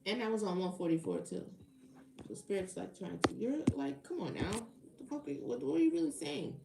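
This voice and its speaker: A woman's voice: fairly high pitch, brisk, vocal fry, roomy sound, heavy background noise. A woman reading tarot on a live stream, chatting casually with her viewers and getting indignant at rude comments. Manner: casual, talks to chat, gets heated and indignant. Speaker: tarot reader.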